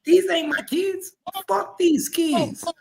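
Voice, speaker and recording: A man's voice: very high-pitched, steady tone, takes it slowly, vocal fry, noisy background. A man in a heated casual talk, cutting in bluntly and cursing as he makes his point. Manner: blunt, interjecting, profane.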